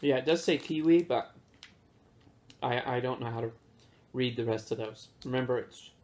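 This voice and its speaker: A man casually reviewing snacks with his kids in a relaxed, chatty way, with plenty of fillers. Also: medium pitch, moderate pace, slight background noise.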